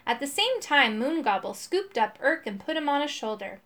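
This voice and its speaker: A woman's voice: sits high, big pitch swings, normal speed, fairly bright tone. Woman reading a children's storybook. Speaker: narrator.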